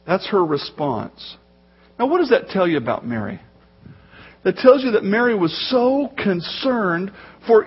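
A man preaching a sermon as pastor, telling the story in a lively way and acting out the voices in the quotes. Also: sits high, husky, muffled recording.

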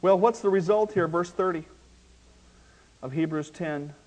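Male pastor, sermon delivery, high voice, emphatic with loud and soft swings. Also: low-quality recording. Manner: emphatic, slowing down to stress key words; swings between hushed asides and loud rising emphasis. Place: church.

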